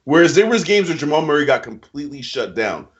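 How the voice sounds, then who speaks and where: Emphatic slangy man, muffled audio. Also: quick pace. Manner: emphatic, slangy, animated opinions. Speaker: NBA picks co-host. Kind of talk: casual sports chat. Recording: muffled low-fidelity audio.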